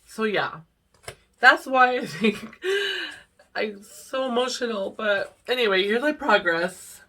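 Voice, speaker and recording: A woman's voice: on the high side, animated, slow, bright, forceful tone, far from the mic. A middle-aged woman chatting casually to camera about her cross-stitch projects, rambling and laughing often. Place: home room.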